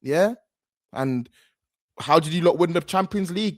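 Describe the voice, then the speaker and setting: A man's voice: fairly high pitch, normal speed, long pauses, no room sound, clean studio sound. A young man, giving slangy, rambling, outspoken reaction commentary as a football fan host.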